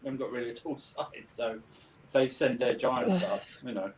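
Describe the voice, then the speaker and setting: A man's voice: medium pitch, animated, brisk, a crowd in the background, rough recording. A man co-hosting a casual football watchalong, easygoing and agreeable, often chiming in with "yeah". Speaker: co-host of a watchalong.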